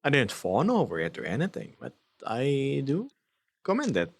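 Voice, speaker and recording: A man's voice: medium pitch, wildly swooping pitch, moderate pace, gravelly, no room sound. A man streaming live, reading chat messages aloud and joking about them with frequent chuckles.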